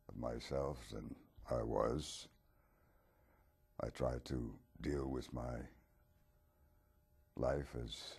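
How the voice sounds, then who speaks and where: A man voicing Dracula as a mild, wistful aging vampire talk-show host, speaking slowly and haltingly. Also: extremely low pitch, dark tone, full character voice. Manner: slow, halting, gravelly and husky.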